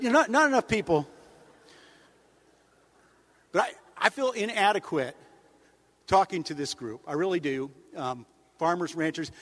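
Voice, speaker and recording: Male humorist, high voice, deadpan and wry, speaking in a long-reverb hall. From United States. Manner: deadpan, wry, rambling asides with mock-outraged jumps in pitch. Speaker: humorist giving a speech. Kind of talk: stand-up style speech to an audience.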